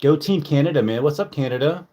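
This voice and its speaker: A man's voice: fairly high pitch, animated, fast, dark tone. A man hosting a casual livestream, rambling loosely with lots of fillers and swearing. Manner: loose, profane, filler-heavy. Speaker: livestream host.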